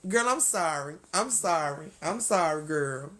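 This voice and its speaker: A woman with a bright, sharp voice, talking to her viewers on a livestream. She rants in a heated, profane run straight to the camera and keeps breaking into laughter and sorry-filled asides. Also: lowish voice, expressive, normal speed, few pauses. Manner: laughs often, apologetic asides. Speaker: livestream host. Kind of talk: casual livestream rant.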